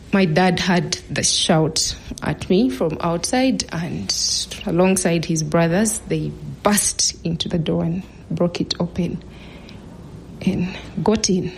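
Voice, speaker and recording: A woman in her thirties telling a personal story in an earnest, measured way, now and then dropping to a hush. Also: on the low side, gravelly, a little hiss or hum.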